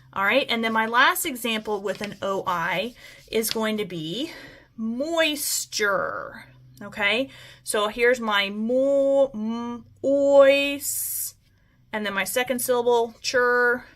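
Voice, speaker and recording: A woman's voice: a little high, bright, forceful tone. A woman teacher giving a patient, step-by-step spelling lesson, often checking in with "okay?".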